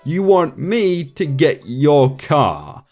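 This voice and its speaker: A man's voice: fairly high pitch, very animated, very slow, darkish tone, faint music behind. A man reading out stories and commenting on them, reading the quoted lines in character and breaking off to react. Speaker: story narrator.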